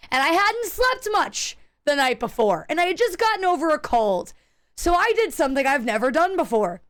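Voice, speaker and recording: A woman streamer chatting casually while gaming, telling stories in a profane, animated way and acting out the people in them. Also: high voice. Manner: acts out quoted people in her stories.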